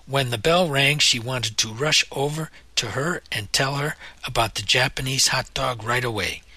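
A man narrating a novel in a measured storytelling manner. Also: medium pitch, bright, forceful tone, no echo. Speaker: audiobook narrator. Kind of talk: scripted narration.

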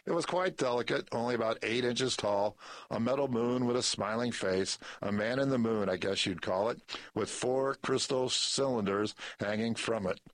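A man reading the part of a reclusive older neighbor who speaks in a slow, tired, wounded way. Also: medium pitch, dry recording, close to an everyday voice. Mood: wistful. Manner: slow, faltering, soft-spoken.

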